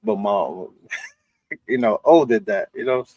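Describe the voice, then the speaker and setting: A man from New York hosting a casual chat and telling stories in a laid-back way, quick to laugh. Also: fairly low pitch, expressive, no room sound, dull audio. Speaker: podcast host.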